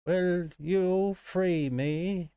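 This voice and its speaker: A man's voice: high voice, fairly even intonation, drawn-out words, dark tone, clean tone, no room sound, pitched above the performer's own voice, exaggerated voice. A man voicing a stiff, formal male warforged robot card dealer in a tabletop game. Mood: hopeful.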